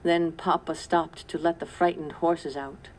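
A woman reading a storybook aloud in calm, measured narration. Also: deep voice, slight background noise, poor audio. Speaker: storybook reader. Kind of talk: scripted narration.

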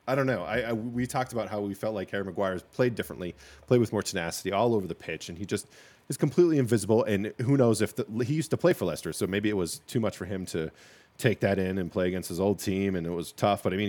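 A man's voice: fairly low pitch, darkish tone. A man co-hosting a casual sports podcast, talking in an opinionated, joking and rambling way.

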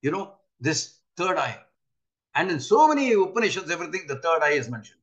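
An older man giving an earnest spiritual talk, often pausing to ask his listeners rhetorical questions. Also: fairly high pitch, sing-song, fairly bright tone. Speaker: spiritual teacher.

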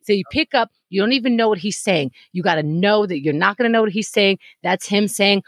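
A woman from New York chatting on a podcast as co-host, lively and acting out little scenes. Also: mid-range voice, brisk, hardly any pauses, no echo. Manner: lively, chatty, acts out phone calls. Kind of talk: casual chat.

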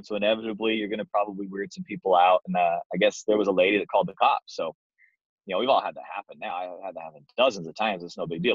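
A young man appears as a guest, a door-to-door sales manager, telling a self-deprecating story in an easygoing, plain-spoken way. His voice sits lowish with a fairly bright tone, and the recording is dull, dry, lo-fi, with no echo.

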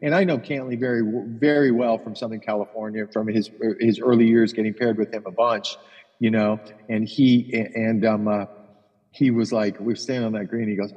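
A man's voice: on the low side, fairly even intonation, normal speed, darkish tone, husky, big-room sound, poor audio. A man, a golf caddie co-hosting a podcast, telling long profane anecdotes in casual chat, often restarting his words.

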